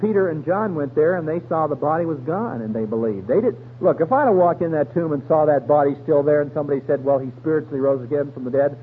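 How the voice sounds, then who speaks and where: High-voiced man, folksy slangy radio preacher; tinny broadcast, faint hum. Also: lively intonation, fast talker, hardly any pauses. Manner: folksy, colloquial storytelling with slang. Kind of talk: radio sermon.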